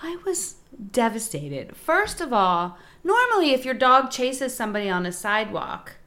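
Middle-aged woman, comedian guest. Bright, animated storyteller who does everyone's voices. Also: a little high, normal speed. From Delaware. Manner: animated storyteller, acts out voices of people in her stories. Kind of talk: casual chat.

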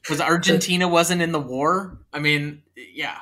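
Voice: mid-range voice, unhurried, fairly bright tone. A podcast co-host in a casual movie review chat, talking with a sarcastic, dismissive edge.

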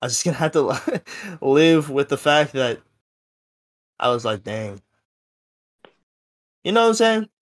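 A man's voice: fairly high pitch, big pitch swings, normal speed, pauses often. A seventeen-year-old young man telling a story in a casual podcast chat, rambling and full of fillers. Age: teens. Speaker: podcast co-host.

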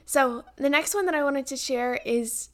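A woman's voice: high-pitched, moderate pace. A young American woman co-hosting a podcast, chatting casually and rambling with lots of fillers and giggles. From United States. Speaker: podcast co-host. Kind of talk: casual chat.

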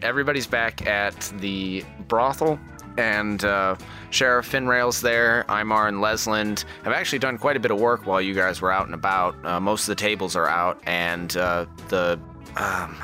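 A man's voice: lowish voice, steady tone, moderate pace, bright, forceful tone, faint music behind. A man narrating as game master of a tabletop game, rambling with fillers.

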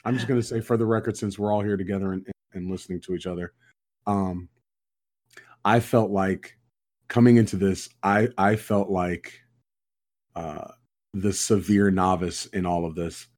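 A man's voice: low voice, fairly even intonation, moderate pace, a little mellow. A man in a casual group chat, speaking in an earnest, heartfelt way.

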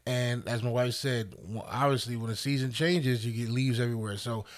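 A man's voice: medium pitch, brisk. A man co-hosting a casual podcast, upbeat and chatty, greeting listeners as family and often repeating his words. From Northeastern United States. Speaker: podcast co-host. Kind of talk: casual chat.

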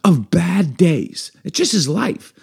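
Animated man acting out quotes. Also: sits high, slow pace, creaky, breathy edge. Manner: animated, acts out quoted voices. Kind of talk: casual chat, retelling a book.

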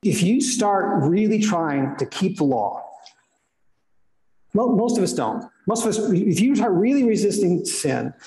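A man's voice: high-pitched, big pitch swings, measured pace, mellow. A middle-aged man preaching a sermon as a pastor, earnest, asking rhetorical questions and repeating phrases for emphasis. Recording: roomy echo of a hall.

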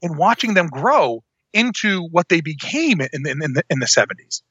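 A man co-hosting a podcast in casual chat, talking in a rambling, animated way and often breaking off and restarting. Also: fairly high pitch, moderate pace, breathy edge, no room sound, dull audio. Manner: rambling, animated, self-interrupting. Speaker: podcast co-host.

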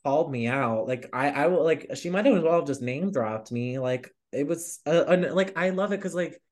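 A young man co-hosting a casual music podcast, rambling and animated with lots of filler words. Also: on the high side, normal speed. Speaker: podcast co-host. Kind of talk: casual chat.

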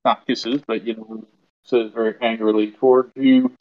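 A man running a tabletop game as game master, explaining in a halting way with many fillers. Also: mid-range voice, level tone, dull audio.

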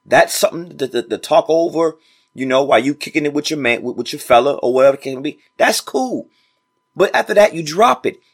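This podcast host has a fairly high, slightly rough voice and talks in a brisk, animated way. He preaches motivation directly to his listeners, repeating phrases to drive them home, and his grammar is loose and informal.

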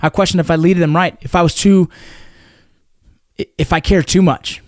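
A man's voice: high-pitched, steady tone, normal speed, no echo, clean studio sound. A man in his thirties or forties, a military veteran guest talking in a blunt, profane, emphatic way in casual conversation.

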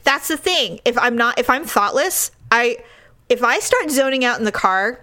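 A woman in her forties telling a funny story in casual chat, laughing often and acting out what people said. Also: normal speed. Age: 40s. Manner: animated, laughs often, acts out quoted lines in a high voice.

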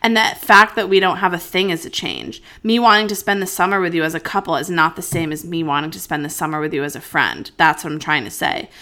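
Giggly young woman, bright voice. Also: fairly low pitch, quick pace, few pauses. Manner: giggly, self-mocking, dramatic. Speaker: co-host reading old messages. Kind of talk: casual chat.

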